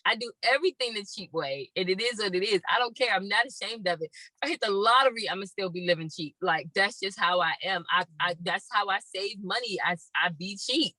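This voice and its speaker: Casting note: woman co-host, blunt and profane, bright voice with a dry, close sound. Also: medium pitch, fairly quick, no echo, poor audio. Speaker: podcast co-host. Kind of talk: casual chat.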